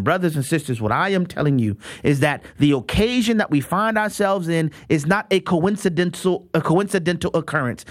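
A man with a high voice preaches with emphasis, often repeating himself as he restarts a thought. He delivers a radio sermon with an appeal for donations. The sound is dry and close. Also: lively intonation, normal speed, no echo.

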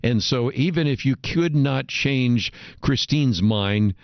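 A man hosting a faith radio program, interviewing a guest in a measured way. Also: medium pitch, expressive, creaky, no room sound. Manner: measured, leads into segments and breaks. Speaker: radio show host. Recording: dry, dull lo-fi radio audio.

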